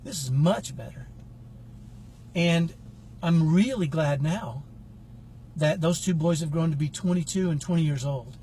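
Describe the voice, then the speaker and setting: Earnest middle-aged man, fairly high voice. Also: measured pace, mellow, a little hiss or hum. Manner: earnest, reflective storytelling. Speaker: parenting coach. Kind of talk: casual talk to camera.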